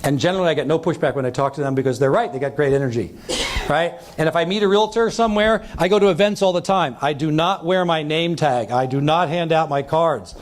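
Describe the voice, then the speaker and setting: Fast-talking, energetic male sales trainer. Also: a little high. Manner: energetic, acts out quoted dialogue, keeps checking in with "right?". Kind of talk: seminar talk to a live audience.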